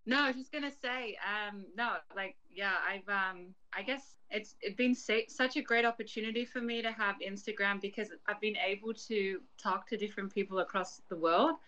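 A woman's voice: medium pitch, fairly even intonation, normal speed, hardly any pauses, bright, forceful tone, muffled recording. A woman from Australia with an Australian accent, a podcast guest speaking in a thoughtful, earnest way. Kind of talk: casual podcast chat.

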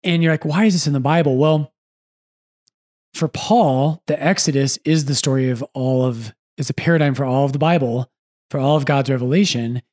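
A man who is a priest and podcast host, chatting casually and with animation, often breaking off to correct himself. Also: medium pitch. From United States. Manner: animated, quick asides, self-correcting.

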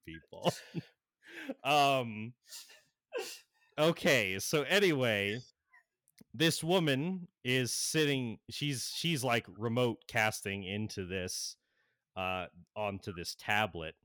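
A man's voice: mid-range voice, animated, slow, long pauses, fairly bright tone, dry recording, studio quality. A young man narrating an online tabletop game as game master, rambling with many fillers.

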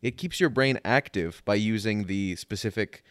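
A man with a low voice explains a topic on a casual podcast, rambling along with fillers and the odd swear. The sound is dry and close, with no room around him. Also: normal speed, a bit bright, no room sound. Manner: explanatory, rambling with fillers, exasperated when interrupted. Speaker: podcast co-host presenting a topic.

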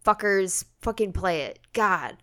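A woman co-hosting a casual podcast, rambling along in an offhand, deadpan way and swearing freely. Her voice is bright and clear, with a smooth ring to it. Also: mid-range voice, unhurried. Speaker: podcast co-host.

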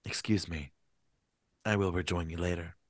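A man voicing a smooth, formal rich young man in his early thirties, speaking low and hushed. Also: fairly even intonation, normal speed, dry recording, clean studio sound. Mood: courteous. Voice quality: soft, low, hushed delivery.

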